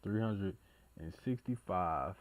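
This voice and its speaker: A man hosting a reaction video in casual commentary, profane and excitable, stumbling over numbers and talking to himself. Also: low voice, takes it slowly, no echo.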